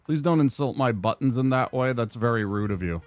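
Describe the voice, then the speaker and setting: A man's voice: medium pitch, expressive, fairly quick, faint music behind. A young man playing a video game and chatting casually, joking and rambling with restarts. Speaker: gaming streamer. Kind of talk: casual let's-play chat.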